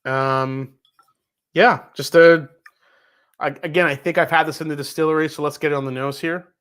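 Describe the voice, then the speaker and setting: Casting: New York man, 30s, livestream host, slightly higher voice, loose and chatty, swears freely. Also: fairly even intonation, normal speed, fairly bright tone, clear, resonant tone. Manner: chatty, reads viewer messages aloud, swears casually. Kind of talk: casual livestream chat.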